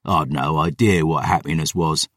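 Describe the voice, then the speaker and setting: A man's voice: very deep voice, fairly even intonation, moderate pace, husky, dry recording, studio quality, voice pushed down, exaggerated voice. A man voicing a sneering cruel young lordling. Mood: cruel mockery. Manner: taunting, sneering. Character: cruel young male lordling, mocking and bitter.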